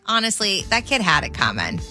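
A woman's voice: mid-range voice, huge pitch swings, a little fast, sharp tone, soft background music. A woman in casual chat, reacting to a story with wry, teasing remarks.

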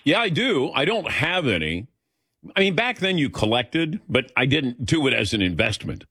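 Lively older male radio host. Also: medium pitch, moderate pace, slightly rough, no echo, studio quality. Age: 60s. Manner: chatty, laughs often, animated. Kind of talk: call-in radio talk.

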